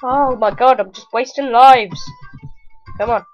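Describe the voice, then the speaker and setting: High-voiced excitable woman gamer. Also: unhurried, muffled recording. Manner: excitable, exclaiming and yelling at the game. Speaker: gaming video host. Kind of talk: let's play commentary. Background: faint game music.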